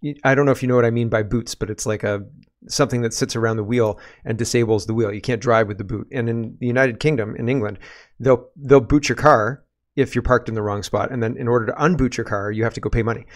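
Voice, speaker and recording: A man's voice: mid-range voice, fairly even intonation, quick pace. A man in his forties hosting a casual political commentary show, talking animatedly and chuckling between points. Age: 40s.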